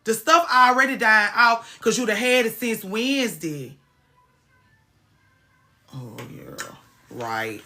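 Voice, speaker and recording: A woman's voice: on the high side, animated, slow pace, long pauses, sharp tone, a little hiss or hum. A woman hosting a casual livestream, ranting with plenty of swearing and greeting viewers by name. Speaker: livestream host.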